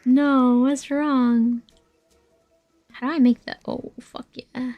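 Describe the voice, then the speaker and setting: A woman's voice: sits high, flat delivery, slow pace, lo-fi sound. A woman streaming a video game, chatting casually with her viewers, joking, swearing and answering their messages. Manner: playful, swears, reads and answers chat. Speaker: VTuber streamer. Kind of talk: casual gaming livestream chat. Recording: dry voice with faint game music.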